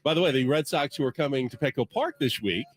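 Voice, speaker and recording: A middle-aged man co-hosting a sports radio show, briskly running through stats and story lines. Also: medium pitch, expressive. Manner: brisk, listing facts and stats, dry. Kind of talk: sports talk radio banter. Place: radio studio.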